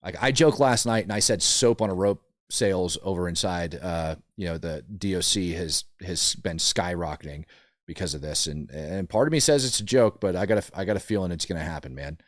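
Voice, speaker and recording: A man's voice: low voice, a little fast, no echo, studio quality. A man hosting an opinion show, blunt and indignant, often stumbling over repeated words as he rants. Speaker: commentary show host. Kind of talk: opinionated political commentary.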